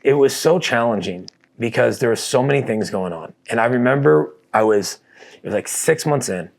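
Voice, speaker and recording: Husky-voiced man telling a blunt story. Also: mid-range voice, animated, normal speed. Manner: blunt, swears often, candid. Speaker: podcast co-host. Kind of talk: casual chat, personal storytelling.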